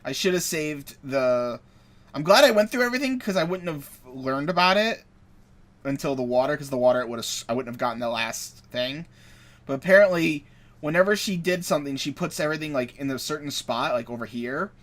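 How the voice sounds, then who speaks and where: A man's voice: mid-range voice, brisk, a bit bright. A man giving casual commentary as he plays a game, rambling and correcting himself as he goes. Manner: rambling, self-correcting asides. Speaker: let's player.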